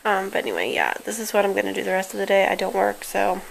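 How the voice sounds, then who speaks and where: Young woman vlogger, tired and in pain, talking from her couch; gravelly, flat delivery with little lift. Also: mid-range voice, quick pace, a little hiss or hum, rough recording. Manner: frustrated, weary storytelling. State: in pain and worn out. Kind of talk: casual personal video update. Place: lying on a couch at home.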